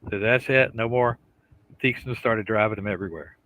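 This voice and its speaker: Middle-aged guy telling stories, bright punchy voice, acts out the bits. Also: fairly low pitch, a little fast, rough recording. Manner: animated storyteller, acts out voices and sounds. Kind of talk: casual chat.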